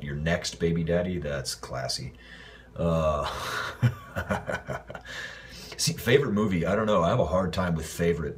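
A man from Los Angeles casually answering fan messages in a livestream, rambling and relaxed with lots of fillers. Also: a bass voice, slight background noise. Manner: laid-back, rambling, loose with fillers. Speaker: actor answering fans.

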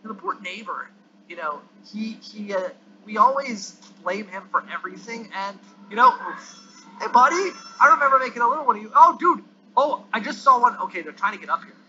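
A high-pitched male gamer with a bright, sharp voice commenting on his play. He is excitable, yelping and groaning as things go wrong. The recording is dull and lo-fi with a faint hiss underneath. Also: a little fast. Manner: excitable, yelps and groans at the game.

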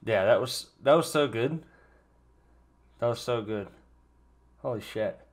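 A young man streaming his live reaction to a musical, excitable, emotional and swearing often. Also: mid-range voice, measured pace.

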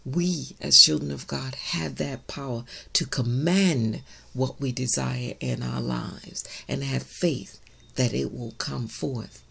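A woman minister preaching a sermon in an emphatic, loud way. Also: a bass voice, steady tone, slow pace, gravelly, breathy edge. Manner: emphatic, says she is loud, shouts key words.

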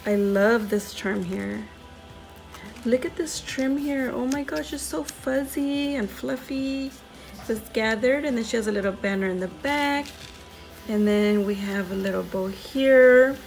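A woman hosts a crafting video and opens a package of handmade paper goods, exclaiming with delight at each piece. Her voice sits a little high and her pace is slow and lingering. Soft music plays faintly behind her. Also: vocal fry. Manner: gushing, excited exclamations. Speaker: crafting channel host. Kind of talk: unboxing happy mail.

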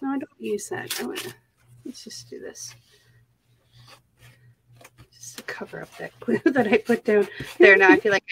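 A woman's voice: medium pitch, moderate pace, creaky, pauses often, a bit bright, slight background noise, poor audio. A woman with a Minnesota accent chatting casually on an art live stream, talking to herself as she works. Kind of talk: casual chat while crafting.

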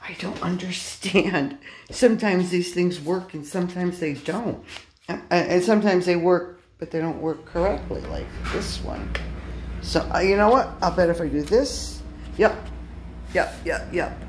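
A woman's voice: lowish voice, measured pace. A woman giving a casual running commentary as she works a model train layout indoors, exasperated and muttering to herself. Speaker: model railroad hobbyist. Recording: echoey room with background noise.

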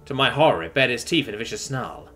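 A man's voice: medium pitch, animated, fast, bright, forceful tone, soft background music. A man narrating a sci-fi story in a tense, dramatic reading.

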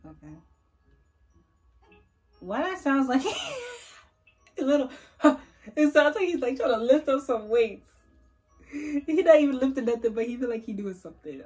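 A woman's voice: on the high side, lively intonation, measured pace, pauses often, a little mellow. A young woman giving casual let's-play commentary at her computer, chatting to the viewers and coaxing and teasing the game characters. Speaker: gaming YouTuber. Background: faint game music.

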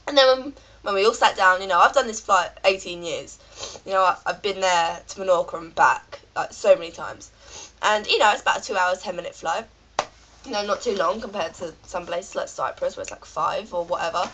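A woman's voice: medium pitch, fairly quick, fairly bright tone, low-quality recording. A British woman with a cold, ranting in a rambling, chatty vlog full of fillers. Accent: British English. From Britain. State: has a cold. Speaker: vlogger.

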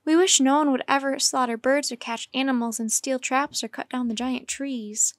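A woman's voice: sits high, steady tone, moderate pace, no room sound, clean studio sound. A woman voicing a cheerful, earnest young girl in a storybook reading.

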